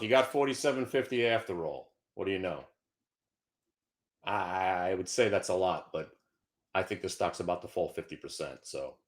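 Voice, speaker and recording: Brash, lively trading host. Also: male voice, medium pitch. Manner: brash, taunting, swings from mutters to shouts. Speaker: stock trading show host. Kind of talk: live trading commentary.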